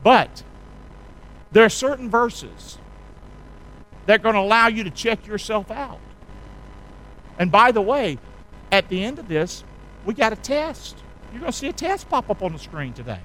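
Pastor, male, high voice, folksy call-and-response sermon delivery. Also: very animated, moderate pace, long pauses, fairly bright tone, slight background noise, rough recording. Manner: call-and-response preaching, asks congregation to repeat; folksy, colloquial.

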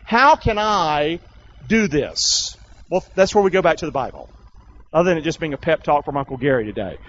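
A male pastor with a high-pitched voice delivers an animated sermon to a full church. He keeps calling out to the congregation and pressing them to respond. The recording sounds dull and lo-fi. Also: moderate pace. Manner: animated, coaxing calls to the congregation.

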